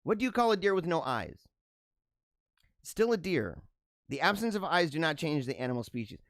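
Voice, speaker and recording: A man hosts his own talk show, reading jokes aloud and reacting with sarcastic, joking commentary and lots of laughter. His voice is fairly high and sing-song with a fairly bright tone, at a normal speed. The studio-quality recording has no room sound.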